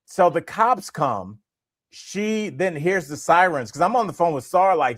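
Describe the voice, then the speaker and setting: A man's voice: on the high side, a little slow, no room sound, clean studio sound. A man in his forties, co-hosting a comedy podcast and telling a rambling story full of fillers. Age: 40s. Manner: rambling, animated anecdote-telling with frequent fillers. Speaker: podcast co-host.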